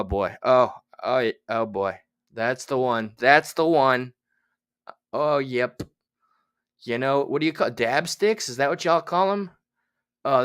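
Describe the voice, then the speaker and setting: A man hosts a casual livestream in an average-pitched voice. He rambles in a theatrical, exasperated way, muttering and cursing under his breath between remarks to his viewers. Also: smooth. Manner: muttering and swearing to himself. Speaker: livestream host.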